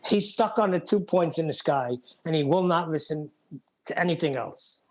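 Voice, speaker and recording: A father chatting casually, telling stories in an animated way. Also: a little high, normal speed. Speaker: father, podcast guest. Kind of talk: casual chat.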